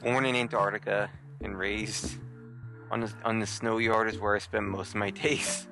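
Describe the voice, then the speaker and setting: A man's voice: lowish voice, steady tone, moderate pace, vocal fry, over music. A man appearing as a podcast guest, goofy and playful, laughing often. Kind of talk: casual podcast chat.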